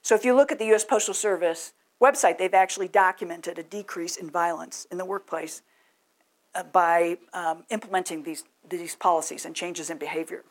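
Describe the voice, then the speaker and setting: A woman giving a lively presentation and asking the audience questions. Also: lowish voice, fairly quick. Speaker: speaker.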